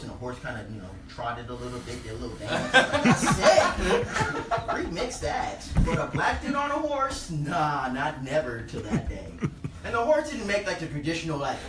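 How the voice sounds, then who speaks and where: A man doing a stand-up comedy set in a bar, telling stories and acting out the people in them with loud shouted voices. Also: fairly high pitch, very noisy. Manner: animated, acts out characters with loud shouted voices. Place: bar stage before a live audience. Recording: roomy, distant live club recording. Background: audience laughter.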